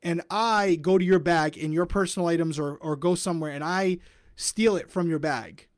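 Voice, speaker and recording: Male podcast co-host, slightly high voice, dry close sound, casual, muses aloud. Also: normal speed, no room sound. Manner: musing, thinks aloud with many hedges. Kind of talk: casual recap chat.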